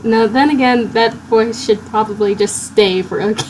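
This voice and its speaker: A woman's voice: a little high, moderate pace, darkish tone, a little hiss or hum, low-quality recording. A woman co-hosting a podcast in casual comedic chat, giggly and a little hesitant. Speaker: podcast co-host.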